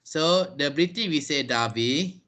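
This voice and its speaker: A man's voice: fairly high pitch, expressive, a little slow, bright, forceful tone. A man with a Malaysian accent teaching English in a video call class, answering questions patiently and explaining step by step. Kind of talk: online class Q&A.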